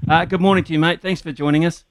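A man's voice: fairly high pitch, steady tone, background noise. A man with a New Zealand accent hosting a sports radio show, joking and teasing his guest in casual banter. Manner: joking, teasing, quick to laugh. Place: radio studio. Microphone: studio microphone.

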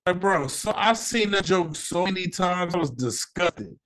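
A man's voice: high voice, expressive, a little slow, a bit bright. A man hosting his own podcast, talking casually with lots of slang and swearing, giving heated opinions. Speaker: podcast host. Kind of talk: casual solo podcast rant.

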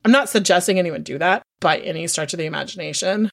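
A woman co-hosting a podcast, telling stories in a lively, frank way and swearing now and then. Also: on the low side, fast talker, creaky. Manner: animated storytelling with frank swearing. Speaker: podcast co-host. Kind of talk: casual chat.

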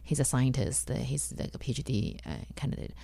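A woman from China, whose first language is Mandarin, tells her own story bluntly and haltingly, acting out the people she quotes. Her voice is low, gravelly and mellow, set close and dry with no room sound. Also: no room sound. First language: Mandarin Chinese. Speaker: guest comedian. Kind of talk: candid personal storytelling.

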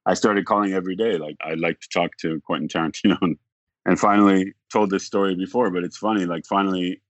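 A man talking as a podcast guest, telling a long story in a rambling way, acting out the other people's lines and filling pauses with "like". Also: deep voice, fairly even intonation, no room sound. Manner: rambling, acts out quoted dialogue, frequent "like". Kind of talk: casual storytelling.

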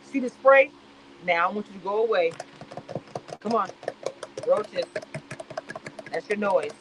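A woman giving sassy, animated reality-show commentary on a live stream. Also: a little high, measured pace, pauses often, noisy background.

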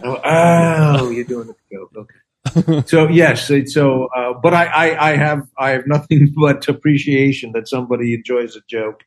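A man's voice: medium pitch, normal speed. A man in his sixties, a comedian and actor, chatting casually and acting out the back-and-forth of his stories. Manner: animated storytelling, acts out quoted exchanges. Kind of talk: casual chat.

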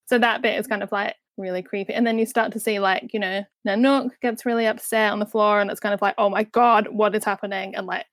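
A woman's voice: mid-range voice, fairly even intonation, fast, few pauses, dry recording, studio quality. A woman talking about a film in a casual podcast chat, filling her sentences with "like" and "you know.". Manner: chatty, lots of "like" and "you know".

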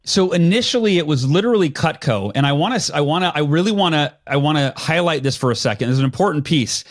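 A man with a high, light voice tells a story from his own past as a guest on a podcast. He talks with energy and acts out the things he said to himself, jumping between a calm telling and sudden animated bursts. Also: fast talker.

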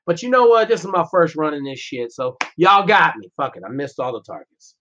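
Brash, animated man telling stories. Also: on the high side, a little fast, slight background noise. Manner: profane, brash, animated storytelling. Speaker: podcast guest, former Navy SEAL. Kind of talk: casual storytelling. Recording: dull lo-fi podcast audio.

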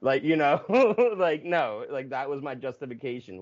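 A man hosting a casual conversation, telling stories in an animated way with swearing and laughs. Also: mid-range voice, normal speed, few pauses, lo-fi sound. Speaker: podcast host.

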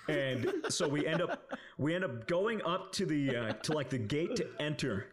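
A man's voice: a little high, animated, normal speed. A young man telling a casual story on a podcast, rambling with lots of fillers, swearing and laughing as he goes. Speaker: podcast co-host.

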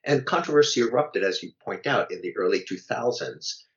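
A very deep-voiced man answers interview questions about his book in a measured, explanatory way, pausing on fillers and restarting phrases. The sound is dull and lo-fi. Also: lively intonation, gravelly, a bit bright. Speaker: author and guest.

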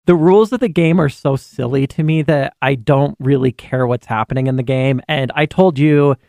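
A man co-hosting a podcast, chatting casually about films and TV, animated, with many fillers and restarts. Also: mid-range voice, normal speed, gravelly, no echo, studio quality. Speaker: podcast co-host. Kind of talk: casual chat.

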